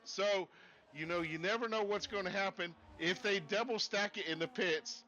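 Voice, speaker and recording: A man's voice: high-pitched, moderate pace, bright, forceful tone, muffled recording. A man doing live sim racing commentary in a put-on Southern US accent, rambling and folksy with jokey asides, speaking from a desk streaming setup. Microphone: streaming setup at a desk with screens.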